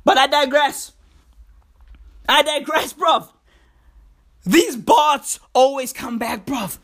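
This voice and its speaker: A woman in a comedic rant, animated and shouty, full of profane slang. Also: high-pitched, slow pace.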